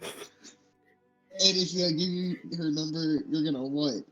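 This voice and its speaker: A man's voice: a little high, takes it slowly, fairly bright tone, faint music behind, low-quality recording. A man playing a tabletop game who talks bluntly and sarcastically, swearing as he goes. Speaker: player.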